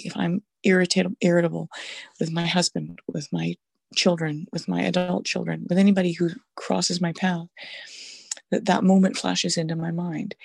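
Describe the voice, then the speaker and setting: A middle-aged woman with a weak, husky voice shares a personal faith testimony, halting and reflective, with many fillers. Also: lowish voice, no echo. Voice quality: gravelly, husky voice. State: voice sounds weak or flaky. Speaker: Catholic mother sharing testimony.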